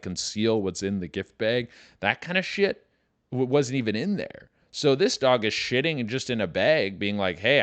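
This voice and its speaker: A young man hosting a comedy podcast, ranting loosely with lots of swearing and quick put-on voices. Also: fairly low pitch, dry recording. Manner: loose, profane, riffing with mock voices. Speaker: podcast host. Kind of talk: casual comedic rant.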